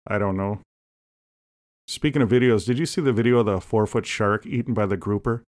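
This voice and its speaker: A man co-hosting a casual comedy podcast, rambling through deadpan jokes and asides. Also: on the low side, brisk. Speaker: podcast co-host.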